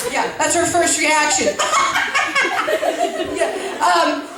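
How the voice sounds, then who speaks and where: A woman's voice: very high voice, very echoey. Rambling, giggly woman stand-up, far from the mic, with a noisy background. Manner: rambling, self-interrupting, giggly asides. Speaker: stand-up comedian. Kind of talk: stand-up comedy storytelling. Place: school event hall.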